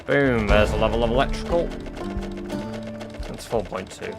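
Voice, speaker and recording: A British man chats casually while streaming a game, thinking aloud as he goes. His voice sits low, and he drops the odd swear word. Faint music plays under his talk. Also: normal speed, creaky. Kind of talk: casual live-stream chat.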